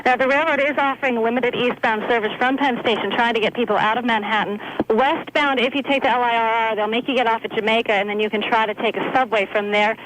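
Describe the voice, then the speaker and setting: A woman field reporter filing a brisk live radio report from a train station. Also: a little high, steady tone, noisy background. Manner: brisk, informative.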